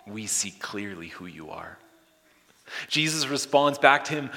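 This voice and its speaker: A man preaching a sermon, swinging from loud exclamations to hushed whispers. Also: mid-range voice, sing-song, moderate pace. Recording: long hall reverb.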